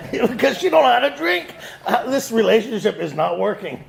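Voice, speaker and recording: Gravelly high-voiced man telling a joking story. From Canada. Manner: joking storyteller, laughs often at his own lines. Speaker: AA speaker. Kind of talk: recovery meeting talk to a live audience.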